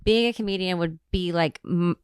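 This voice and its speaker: A middle-aged woman hosting a podcast, chatty and quick to react and agree. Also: lowish voice, clear, resonant tone, no echo, clean studio sound. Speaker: podcast host. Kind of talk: casual interview chat.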